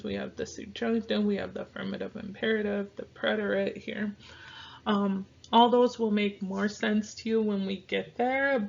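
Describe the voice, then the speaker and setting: Slow, gravelly-voiced woman teaching. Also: medium pitch, dull audio. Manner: slow, repeats words for pronunciation practice. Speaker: Spanish teacher. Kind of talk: casual online language lesson.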